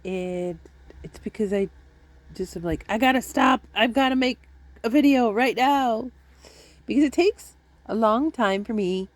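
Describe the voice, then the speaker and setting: A middle-aged woman with a slightly low voice chats to her viewers from home. She rambles, pokes fun at herself and wanders from one thing to the next. The sound is dry and close, with little room echo. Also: darkish tone. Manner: rambling, chatty, self-deprecating with laughs. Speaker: vlogger. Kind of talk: casual chat to camera. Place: at home, indoors.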